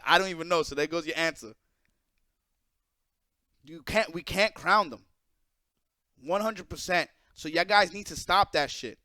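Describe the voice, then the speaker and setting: A young man ranting casually and bluntly to his viewers, profane and animated. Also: a little high, a little slow, pauses often, no echo, studio quality. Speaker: esports player and streamer.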